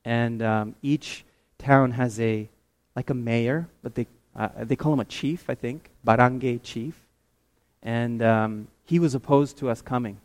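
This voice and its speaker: A man from Canada gives a sermon testimony in a mid-range voice. He tells his story casually, then surges into high, loud, excited bursts. His delivery stays lively and expressive throughout. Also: a little slow, clean tone. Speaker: preacher.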